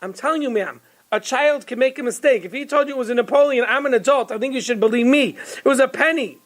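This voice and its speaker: A woman puts on a flustered storybook shopkeeper, defensive and placating, a touch quieter than the telling around him. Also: high voice, quick pace, close to an everyday voice. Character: flustered adult male shopkeeper.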